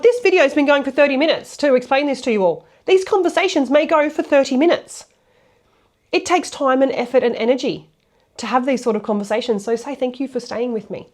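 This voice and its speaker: A woman's voice: mid-range voice, darkish tone. A young adult woman teaching relationship communication in a casual, frank way, swearing now and then. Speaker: relationship coach.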